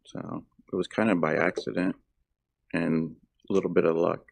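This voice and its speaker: Low, gravelly middle-aged man chatting. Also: steady tone, normal speed, dry recording. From South Jersey, USA. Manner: rambling, lots of ums and uhs. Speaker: actor and former firefighter, guest. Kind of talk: casual interview chat.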